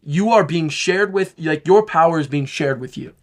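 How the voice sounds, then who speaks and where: A man voicing a calm, earnest male crew member who speaks to his old captain slowly and solemnly. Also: a little high, lightly acted.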